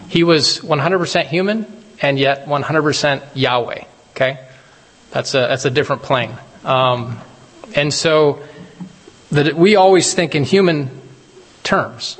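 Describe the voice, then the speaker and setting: Guy preaching loose and chatty, kinda high voice, lots of "right?", long hall echo. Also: a bit bright. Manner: conversational, often asks "right?", laughs at his own retellings. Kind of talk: casual sermon.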